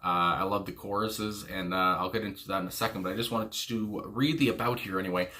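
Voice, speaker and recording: A man's voice: low-pitched, steady tone, fast, sharp tone, slight background noise. A man hosting a music reaction video, rambling casually with lots of "you know" fillers and frequent exclamations. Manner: exclaims "my God" often.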